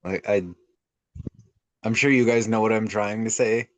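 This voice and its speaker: A man's voice: on the low side, steady tone, measured pace, no echo. A young man chatting casually on a podcast, laid-back and rambling with lots of restarts. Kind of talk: casual chat.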